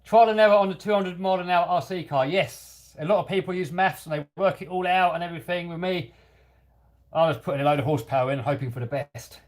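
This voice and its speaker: A man from England with a light London-area accent, slightly Cockney, hosts a hobby channel live stream. His voice is high and fast as he answers viewer comments in a casual, self-deprecating way.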